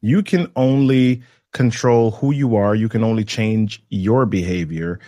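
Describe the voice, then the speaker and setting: Man, lowish voice, measured instructive delivery, dry close sound. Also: dark tone, no room sound. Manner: measured and explanatory, with deliberate pauses. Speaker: guest, communication trainer. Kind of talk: instructive podcast conversation.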